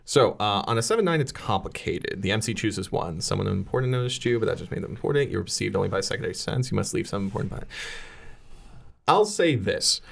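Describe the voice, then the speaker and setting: A man's voice: on the low side, lively intonation, fast, gravelly. A man narrating a tabletop game as game master, rambling loosely and leaning on filler words.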